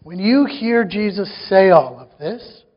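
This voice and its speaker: A pastor with a high voice preaches expressively at a measured pace, his emphasis building through run after run of questions. The recording sounds dull and muffled, with a long reverb ringing around his voice.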